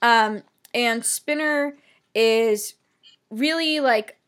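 A woman co-hosting a casual TV recap podcast, talking in an animated way with frequent swearing and filler words. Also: fairly high pitch, drawn-out words. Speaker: podcast co-host.

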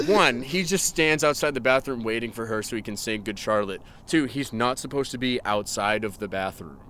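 Man reading trashy fan fiction with deadpan sarcasm. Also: mid-range voice, moderate pace, a little hiss or hum. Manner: deadpan reading broken by laughing asides. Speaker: comedy podcast host reading fan fiction aloud. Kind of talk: mocking dramatic reading with asides.

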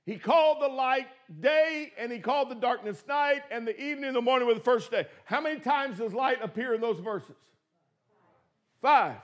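Male pastor, very high voice, emphatic sermon delivery with loud and soft swings. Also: moderate pace. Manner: emphatic preaching, swings between shouting and quiet asides.

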